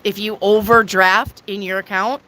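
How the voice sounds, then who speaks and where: A woman's voice: medium pitch, fairly even intonation, moderate pace, sharp tone. A woman giving a casual live tarot reading to viewers, chatty and jokey with crude asides. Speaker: tarot reader.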